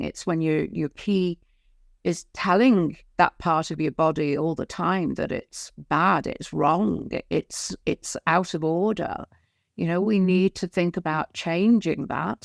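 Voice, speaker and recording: A woman's voice: on the low side, vocal fry, dry recording, studio quality. A woman co-hosting a spiritual wellness podcast, a nurse by work, speaking earnestly and reflectively in unscripted chat. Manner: earnest, reflective, many fillers.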